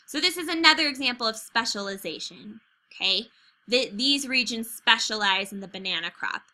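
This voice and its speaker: A woman's voice: a little high, lively intonation, normal speed, pushed and bright. An American woman teacher giving a chatty recorded video lesson over slides, checking in with "okay?" and "right?" as she goes.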